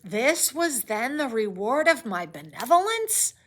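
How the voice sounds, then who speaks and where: A woman reading aloud as a lonely, rejected male creature, in a louder, indignant voice. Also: on the high side, big pitch swings, measured pace, full character voice. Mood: angry.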